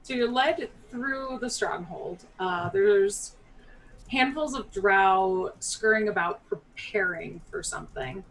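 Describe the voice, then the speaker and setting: Slow-talking woman game master. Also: medium pitch, recorded from a distance, a little hiss or hum, rough recording. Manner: relaxed, laughs easily. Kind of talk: narrating a tabletop game.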